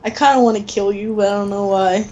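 A woman's voice: medium pitch, steady tone, fast talker, darkish tone, lo-fi sound. A young woman chatting while playing a video game, teasing and giggly, and she has the hiccups. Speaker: gamer. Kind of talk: casual gameplay chat. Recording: faint background noise.

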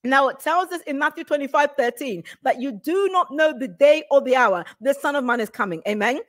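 A middle-aged woman delivers a prophetic sermon in an urgent, insistent voice, pressing the same questions again and again. Her voice sits somewhat high for a woman and grows fervent as she exhorts. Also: animated, brisk. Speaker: preacher sharing a prophetic word.

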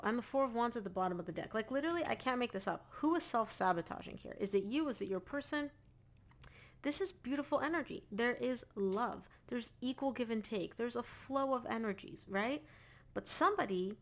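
A woman's voice: medium pitch, creaky. A woman giving a casual tarot reading to camera, talking straight to the viewer and repeating phrases for emphasis. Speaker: tarot reader.

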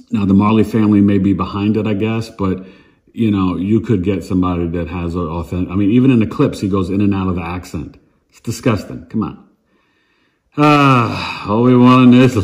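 Astrologer, man, 50s, low voice; punchy slangy monologue, repeats himself for emphasis. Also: mellow. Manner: emphatic, repetitive, street slang. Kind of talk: casual direct-to-camera monologue.

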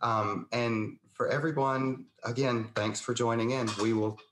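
A man's voice: medium pitch, steady tone, unhurried, fairly bright tone, slight background noise. A man hosting a podcast interview, speaking earnestly with stammering restarts. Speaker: podcast host. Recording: echoey room.

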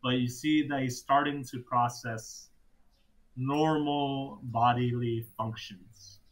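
A young man narrating a tabletop game as game master, in a loose, halting way with frequent restarts. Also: medium pitch, steady tone, poor audio.

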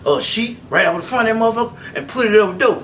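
A man's voice: high-pitched, racing, fairly bright tone, slight background noise. A man voicing a seasoned male cellmate giving plain, matter-of-fact advice. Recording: distant mic, faint music behind.

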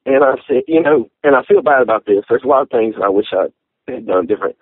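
A man, telling a personal testimony in an interview, halting and heartfelt, with many fillers. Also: medium pitch, animated, breathy edge, dry recording. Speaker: interview guest. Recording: tinny phone-like sound.

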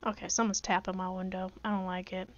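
A woman's voice: medium pitch, level tone, quick pace, muffled recording. A woman casually commenting on a game she plays, chatty and joking, talking to herself as she goes. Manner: chatty, talks to herself while playing, jokey pleading. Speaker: gaming video creator. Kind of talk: casual let's-play commentary.

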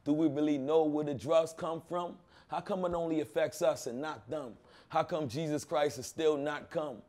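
A man's voice: on the high side, steady tone, normal speed, darkish tone. Streetwise New man, profane storyteller. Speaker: rapper being interviewed. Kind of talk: casual interview talk.

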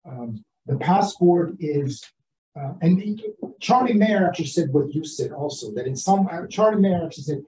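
An older man speaking as an author at an academic seminar, talking in a halting way with many restarts and fillers. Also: fairly high pitch, expressive, warm tone. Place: seminar room. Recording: roomy, distant from the mic.

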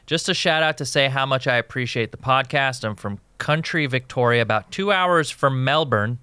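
A man's voice: medium pitch, moderate pace, few pauses, pushed and bright, clean tone, no room sound. A man from Jordan co-hosting a casual podcast, joking and reading listener emails aloud. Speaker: podcast co-host.

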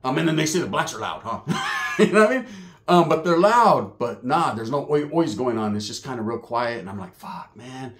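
A man's voice: mid-range voice, animated, a little fast. A man telling a prison story in casual, profane, slang-heavy street talk.

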